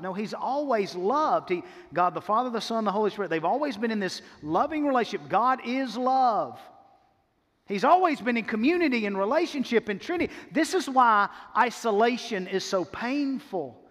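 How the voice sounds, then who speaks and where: A male pastor with a high, slightly bright voice preaches a sermon in a church sanctuary. He is emphatic, repeating phrases and slowing down on key words. The recording carries the long reverb of the church hall.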